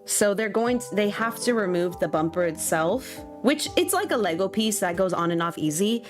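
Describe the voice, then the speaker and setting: A young woman chats casually to her stream audience, giggling and poking fun at herself as she talks, with plenty of ums. Her voice sits at a middle pitch. Soft music plays faintly behind her. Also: lively intonation, moderate pace. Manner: chatty, self-mocking, giggly, many ums. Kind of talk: casual chat while streaming a game.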